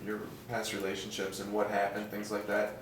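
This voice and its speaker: A man in a seminar audience asking halting, hesitant questions. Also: on the low side, monotone, slight background noise. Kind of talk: casual questions. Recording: very echoey room, from a distance.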